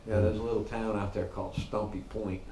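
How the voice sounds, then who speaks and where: A man's voice: fairly low pitch, brisk. A middle-aged man telling a story in casual talk, laughing often and acting out what people said. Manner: animated, laughing, swearing, acts out quotes. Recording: echoey room with faint noise.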